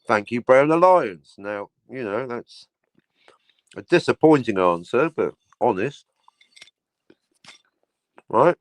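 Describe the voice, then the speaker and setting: A man's voice: medium pitch, lively intonation, slow, long pauses, no echo. A man hosting a casual livestream, talking in a sardonic, sweary way and slipping into mock announcer asides. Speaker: livestream host.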